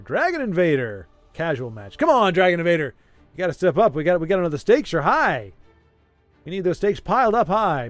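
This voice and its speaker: A young man live-streaming and commentating a card game, reacting excitedly with quick exclamations and jokey, rambling asides. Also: a little high, dry recording.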